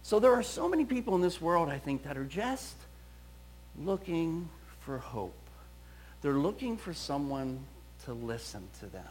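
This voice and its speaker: Male counselor, storytelling talk; fairly high, very lively pitch. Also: a little slow, slight background noise. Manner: animated storyteller, quoting voices.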